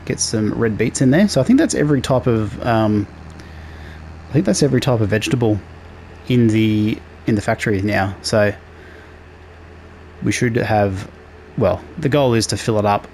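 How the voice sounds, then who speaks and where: A man hosting a casual let's play, relaxed and talking through each task as he plays. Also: lowish voice, normal speed, slight background noise. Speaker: gaming channel host.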